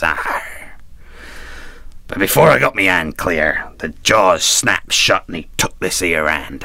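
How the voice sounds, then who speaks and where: Bold old pirate captain, boastful and growling, very deep and dry, as a man puts him on. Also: sharp tone, dry recording, exaggerated voice. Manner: growling pirate talk with arr and me.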